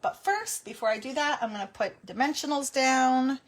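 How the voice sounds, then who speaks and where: A middle-aged woman hosts a live crafting stream, narrating each step in a chatty, giggly way. Her voice sits a little high for a woman, and she keeps talking to viewers as she works. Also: normal speed. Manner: chatty, giggly, breaks into helpless laughter. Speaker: card-making livestream host.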